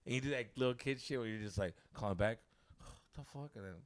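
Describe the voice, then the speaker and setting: A young man and podcast co-host telling a story among friends in a casual, animated way, acting out both sides, swearing freely and mixing in Spanish slang. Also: fairly low pitch, quick pace, no echo.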